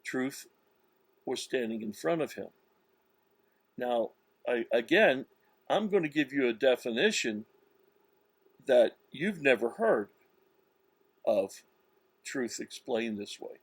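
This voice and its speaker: A man giving a slow, insistent religious monologue, with many restarts and stressed words. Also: medium pitch, expressive, slightly rough, no echo. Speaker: religious commentator. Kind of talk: self-recorded religious monologue.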